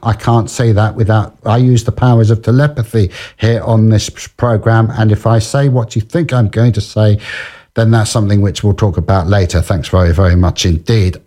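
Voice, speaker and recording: A man's voice: on the low side, steady tone, moderate pace, warm tone. A man hosting a radio show, rambling in a dry, self-mocking way with many restarts and fillers. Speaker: radio presenter. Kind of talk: self-deprecating radio patter.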